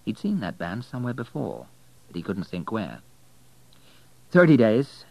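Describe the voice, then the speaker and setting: A man narrating an audiobook in a calm, low storytelling manner. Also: moderate pace, gravelly, husky, no room sound, rough recording.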